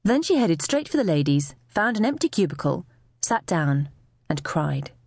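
Expressive woman audiobook narrator. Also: low voice, moderate pace, gravelly, no room sound, clean studio sound. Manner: expressive storytelling. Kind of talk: scripted narration.

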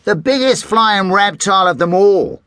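Guy doing a jolly excited dad, bouncy voice, dry recording. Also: sits high, moderate pace, no room sound, voice pushed up. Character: friendly enthusiastic dad, museum owner.

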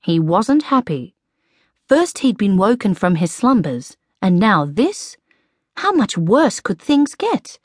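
A woman narrating a children's audiobook in a lively storytelling manner. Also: mid-range voice, takes it slowly, no echo, studio quality.

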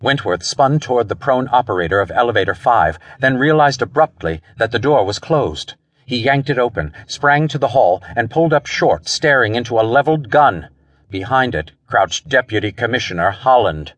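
A man's voice: mid-range voice, expressive, normal speed, fairly bright tone, no echo. A man narrating a pulp thriller audiobook in a dramatic storytelling style.

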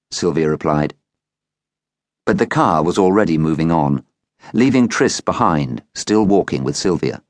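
Deep-voiced man narrating a story. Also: no echo. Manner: calm storytelling, lively pitch. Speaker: audiobook narrator. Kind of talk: scripted narration.

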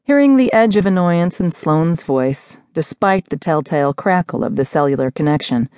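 A woman with a low, mellow voice reads a romance novel aloud in a measured, intimate way. The sound is dry and close, straight from a studio mic. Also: dry recording. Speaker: audiobook narrator. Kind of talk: scripted narration. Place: recording studio.

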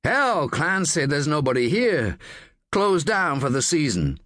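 A man's voice: a little high, very animated, measured pace, a bit bright, no room sound, clean studio sound, pitched above the performer's own voice. A man reading an audiobook, voicing a wounded man who is fading and talks in a strained, gasping way. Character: wounded American man, Blake, fading fast.

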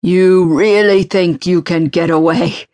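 A woman voicing a drunk, menacing bearded man who snarls and shouts taunts in an audiobook thriller. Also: lowish voice, little pitch movement, normal speed, no echo, soft background music, lightly acted. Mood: taunting.

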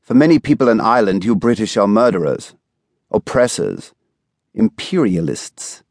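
A man's voice: fairly low pitch, big pitch swings, normal speed, a little mellow, dry recording, clean studio sound. A man doing a terse middle-aged gunman. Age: 40s. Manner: terse, clipped replies.

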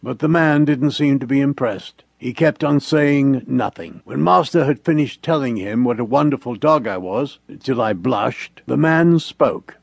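A man's voice: medium pitch, unhurried, creaky, few pauses, dry recording. A man narrating an audiobook story in the first person as a cheerful, friendly dog.

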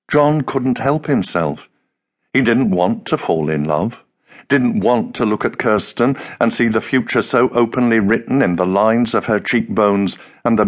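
A man narrating a novel as an audiobook in a measured, unhurried storytelling manner. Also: fairly low pitch. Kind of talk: scripted narration.

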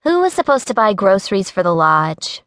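A woman's voice: medium pitch, sing-song, normal speed, no room sound, studio quality. A woman voicing a cheerful, sassy young woman who teases her coworkers in an audiobook. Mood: cheerful teasing. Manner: bright, teasing, upbeat.

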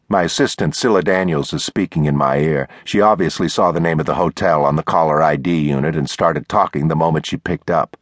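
Deep-voiced male audiobook narrator. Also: no echo. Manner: measured, deliberate storytelling. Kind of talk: scripted first-person narration. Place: recording studio. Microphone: close studio mic.

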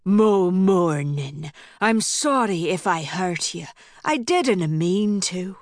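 A woman voicing a controlling young Scottish man who talks in a soft, coaxing way. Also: fairly low pitch, expressive, slow, no room sound, clean studio sound.

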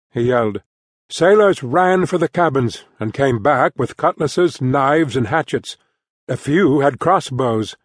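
A man reading fantasy fiction as an audiobook narrator in even, measured storytelling on a close studio mic. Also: mid-range voice, no echo. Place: dry studio booth.

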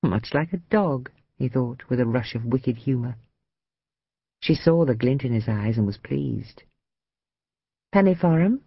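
A woman narrating a novel in a measured, dramatic storytelling manner. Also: extremely low pitch, vocal fry, husky, dry recording, dull audio. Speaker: audiobook narrator. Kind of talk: scripted narration.

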